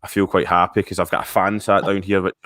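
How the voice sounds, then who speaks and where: A Glaswegian man joins a podcast chat as a guest. His voice sits very low, and the recording sounds close and dry. He speaks bluntly and hesitates often with ums. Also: flat delivery, quick pace, a bit bright, no echo.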